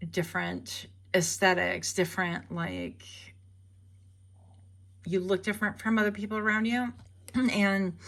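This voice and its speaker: Rambly tarot lady, chatty, kinda low gravelly voice. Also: a bit bright. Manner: rambling, chatty, self-correcting. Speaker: tarot reader. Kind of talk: casual tarot reading.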